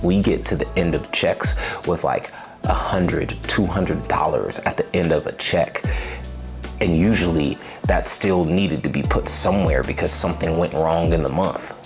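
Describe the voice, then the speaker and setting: A young man telling a personal testimony, acting out his past words with rising emotion. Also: low voice. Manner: animated retelling, acts out his own past voice. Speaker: storyteller sharing a personal testimony. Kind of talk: personal storytelling.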